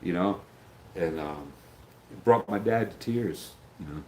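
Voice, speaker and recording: A man's voice: sits low, a little slow, a little hiss or hum, poor audio. A middle-aged man talking casually on a livestream, reading out viewer comments and answering them in a rambling way, sometimes losing his train of thought and acting out the voices of people he quotes.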